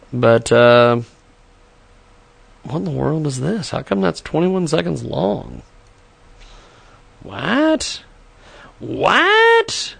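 Gravelly, jokey man hosting a radio show. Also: medium pitch, no echo. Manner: rambling, jokey, talks to himself between segments.

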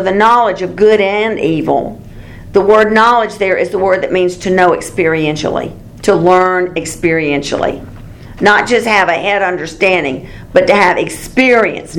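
A middle-aged woman leading a small-group Bible lesson, talking things through in a conversational way and correcting herself as she goes. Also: mid-range voice. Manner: conversational, self-correcting, warm teaching. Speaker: Bible study teacher.

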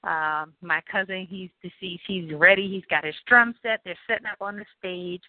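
Being interviewed, an animated woman from New Orleans shares a personal story, acting out the people she quotes in raised voices. Her voice is on the low side and her pace moderate. The line sounds dry and tinny, phone-like, with no room sound.

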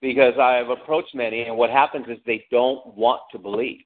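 A man preaching a sermon with lively delivery, asking the congregation questions and acting out angry cries. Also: medium pitch, brisk. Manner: animated preaching, calls out to the congregation, acts out angry shouts. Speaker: pastor. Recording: tinny phone-like lo-fi sound.

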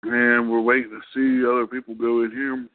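A man hosts a live call-in radio show over a tinny, phone-like line. His voice sits at an ordinary pitch, and the sound is dry, with no room around it. He chats casually and rambles to fill the gaps while waiting for callers. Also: level tone, moderate pace, no echo. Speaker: host of an internet radio show.

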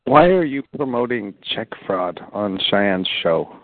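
A man's voice: on the low side, lively intonation, unhurried, no echo. A man from Texas calling in to challenge the guest, mocking and stammering as he presses his questions. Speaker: caller. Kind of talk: heckling casual talk. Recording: tinny phone-line audio.

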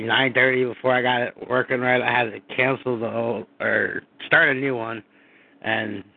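A man calling in who explains things in a halting, rambling way. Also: medium pitch, no room sound. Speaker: caller. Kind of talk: casual call-in chat. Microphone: phone call. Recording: tinny phone line.

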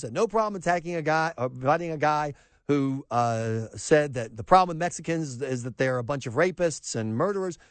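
A man hosting a talk radio show, delivering an opinionated monologue with a sarcastic, animated edge. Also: on the high side, no echo. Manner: sarcastic, animated, mocks quotes in put-on voices.

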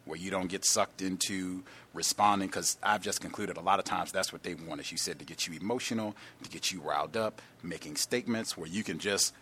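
Male radio host, deep voice, breathy edge, measured commentary. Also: pushed and bright.

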